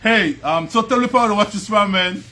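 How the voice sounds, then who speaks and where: A man with a high-pitched voice and a Belizean Creole English accent runs a laid-back livestream from home, speaking at a moderate pace. Music plays behind him. He chats, greets viewers by name and laughs often.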